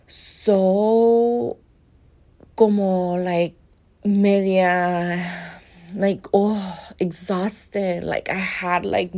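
A woman's voice: medium pitch, mellow. A woman speaking on a podcast in a heartfelt spiritual monologue, earnest and emotional, with many "like" fillers and a few Spanish phrases.

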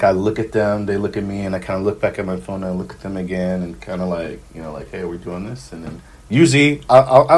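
A man in his thirties, a podcast guest, telling travel stories in casual chat with lots of ums and likes. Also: on the low side. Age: 30s. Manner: rambling, filler-heavy, acts out dialogue.

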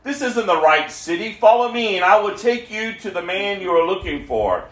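A man voicing a bold, calm male prophet in a scripture reading, raising his pitch a little for the quotes, in a roomy echo. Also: moderate pace. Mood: firm.

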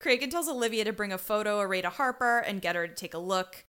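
A woman's voice: medium pitch, expressive, quick pace, fairly bright tone, smooth. A woman co-hosting a podcast, recapping a TV episode in casual chat with a wry, mock-dramatic tone and casual swearing. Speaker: podcast co-host.

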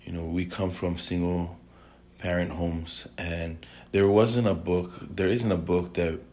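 A man with a very deep, level voice talks earnestly on a couples podcast, laid back and explanatory. He is picked up on a phone propped near the couple. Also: fairly even intonation, a little slow, darkish tone. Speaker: podcast co-host. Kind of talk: casual chat.

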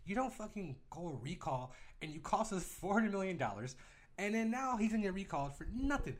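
Brief: male podcast co-host, slightly high voice, very animated pitch, profane and joking, casual banter. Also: brisk. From California.

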